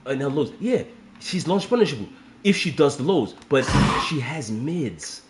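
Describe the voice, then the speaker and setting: A man delivering a profane fighting-game commentary rant, swinging between low grumbling and shouted outbursts. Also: very animated, brisk, reverberant, noisy background. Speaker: fighting game content creator.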